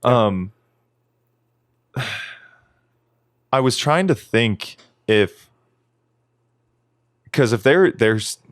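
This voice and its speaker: This is a man co-hosting a podcast in casual chat, mid-pitched and animated, who swears freely. He jumps into loud, higher impressions of other people. The sound is dry and close. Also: drawn-out words, pauses often, dry recording. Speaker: podcast co-host.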